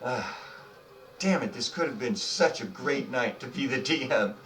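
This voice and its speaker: A man's voice: mid-range voice, expressive, a little slow, fairly bright tone, recorded from a distance, soft background music. A man acting as dungeon master for a tabletop game, narrating and joking in a casual way with lots of fillers.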